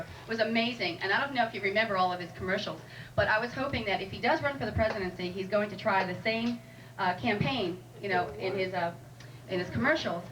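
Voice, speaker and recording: A fast-talking woman with a medium-pitched, fairly bright voice does stand-up at a club, teasing the audience in a chatty, wry way. Captured live by a distant mic, the recording has audible noise.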